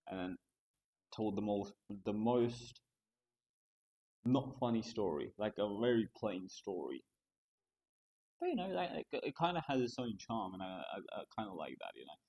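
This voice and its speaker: A young man chats loosely on a live stream, circling back and restarting his thoughts as he goes. His voice sits low with a rough, fry-laden edge. The mic sounds dull and lo-fi. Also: darkish tone. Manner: rambling, halting, with many restarts and fillers. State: overheated. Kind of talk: casual live-stream chat.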